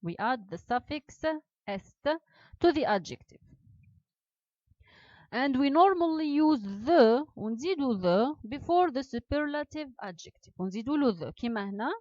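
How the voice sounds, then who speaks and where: A woman teaching English grammar, repeating each example slowly and explaining it again in Arabic. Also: high-pitched, lively intonation, mellow, no room sound. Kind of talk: classroom grammar lesson. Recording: dull lo-fi sound.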